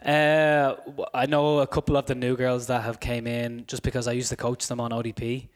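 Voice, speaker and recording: A man who is a high school soccer coach, talking as a podcast guest, a little raspy from a cold and rambling with restarts. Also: level tone, normal speed. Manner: rambling, many restarts and fillers.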